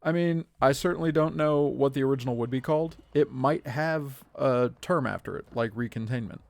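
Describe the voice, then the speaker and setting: A man's voice: medium pitch, brisk, creaky, no echo. A man in his thirties streaming a game live, chatting in a rambling way with his viewers between moves. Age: 30s. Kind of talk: live gameplay commentary.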